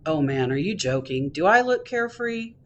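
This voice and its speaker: A woman's voice: deep voice, big pitch swings, moderate pace, highs cut off, a little hiss or hum, pitched below the performer's own voice. A woman voicing a small bird in a storybook who just escaped a cat, speaking in an exasperated, sarcastic way. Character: rattled, sarcastic little bird.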